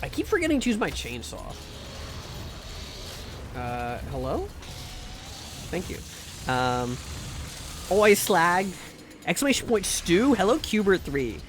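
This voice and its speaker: A man's voice: a little high, huge pitch swings, unhurried, pauses often, noisy background. A man streaming a game live, chatting in a rambling, jokey and crude way. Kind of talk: casual gaming stream chat.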